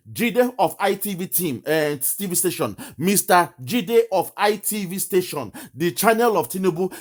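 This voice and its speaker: A man holding forth in live commentary, his fairly high voice swinging up and down with emphasis. He mocks his target and pushes every point hard. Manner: emphatic, mocking, laughs at his opponent. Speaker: online political commentator.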